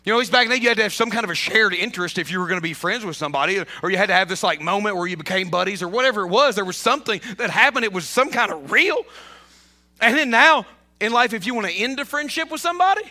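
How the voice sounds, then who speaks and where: A man preaching a sermon as a pastor, animated, often repeating himself and rising toward shouts. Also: high-pitched, very fast, hardly any pauses.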